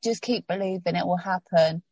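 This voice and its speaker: A woman's voice: on the low side, normal speed, darkish tone, breathy edge, no echo, muffled recording. A woman recounts a personal story in an interview. She rambles and restarts, heartfelt and close to tears at times. The recording is dry and close. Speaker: patient telling her story.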